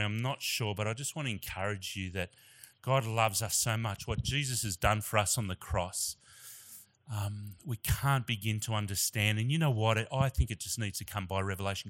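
Bright-voiced Australian preacher, earnest and chatty. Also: male voice, lowish voice. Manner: earnest, chatty, openly emotional. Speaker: guest preacher. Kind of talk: sermon with personal storytelling. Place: church.

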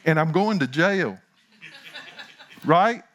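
Male pastor, sermon; fairly high voice, slow and deliberate, punches key lines. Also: lively intonation, fairly bright tone. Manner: preaching that swells to emphatic, slow lines; self-deprecating asides in third person.

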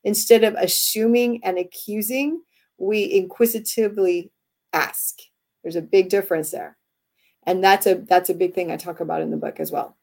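Guest author, woman, conversational and animated, acts out the dialogue in her stories, mid-range voice. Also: medium pitch, moderate pace, gravelly. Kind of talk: conversational interview.

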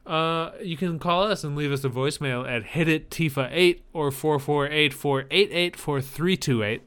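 A man's voice: fairly high pitch, normal speed, a bit bright, smooth. A man hosting a podcast in casual banter, chatty and rambling through show announcements. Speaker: podcast host.

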